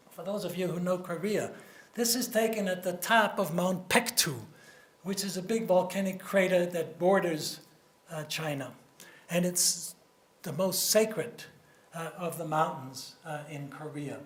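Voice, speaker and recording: A man in his seventies giving a public lecture with slides, in a measured, conversational way with many "you know"s and repeated words. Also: high-pitched. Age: 70s. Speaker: guest lecturer on nuclear security. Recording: roomy hall echo.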